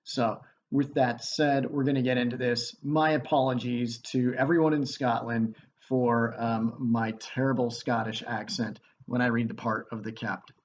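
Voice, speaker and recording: A man teaching a literature lesson in a relaxed, chatty way, recorded on a computer mic. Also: medium pitch, normal speed, muffled recording, slight background noise.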